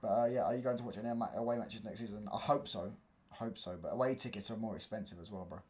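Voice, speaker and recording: This football livestream host is a young man with a lowish, darkish voice who speaks fast. His chatter is relaxed and slang-heavy, wandering with lots of filler words.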